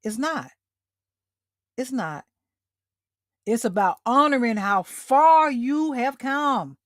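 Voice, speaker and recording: A woman's voice: sits high, expressive, takes it slowly, no echo, clean studio sound. A middle-aged woman hosting a motivational livestream talk, speaking directly to her listeners and repeating her key lines for emphasis. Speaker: host.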